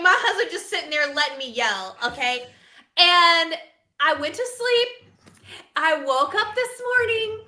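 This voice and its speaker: A woman co-hosting a casual sports podcast, talking in a dramatic, animated, self-mocking way. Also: high-pitched, unhurried, reverberant. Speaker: podcast co-host.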